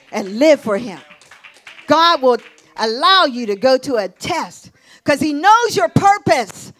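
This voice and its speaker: A middle-aged woman pastor preaching a sermon, telling a personal testimony, dropping to hushed tones and rising to exclamations. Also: sits high. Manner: emotional testimony, shifting between hushed and exclaiming.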